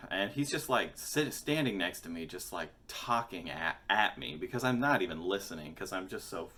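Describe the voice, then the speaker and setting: A man's voice: low-pitched, expressive, normal speed, pushed and bright. A man in his forties telling a rambling, profane, self-mocking story in a casual vlog. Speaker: musician and vlogger.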